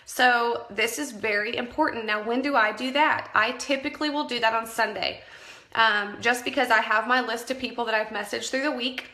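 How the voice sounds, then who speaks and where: A woman's voice: fairly high pitch, steady tone, moderate pace, pushed and bright, reverberant. A woman coaching her sales team in a live stream, chatty and emphatic, often correcting herself mid-sentence. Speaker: direct sales team leader. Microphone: phone camera.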